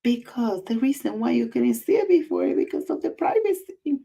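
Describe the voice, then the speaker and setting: A woman's voice: a little high, sing-song, moderate pace, gravelly, dark tone, husky, rough recording. A woman hosting a casual livestream, effusive and emotional, repeating her greetings. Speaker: livestream host.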